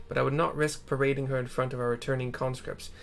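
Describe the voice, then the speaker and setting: A steady, solemn young lord gives his orders in formal, old-fashioned speech, read aloud by a man playing through a game. The voice stays close to an everyday man's middle pitch rather than a big character voice. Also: quick pace, vocal fry, faint music behind, lightly acted. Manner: solemn, formal archaic phrasing. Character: Hien, a steady young male lord and leader. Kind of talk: reading game dialogue aloud.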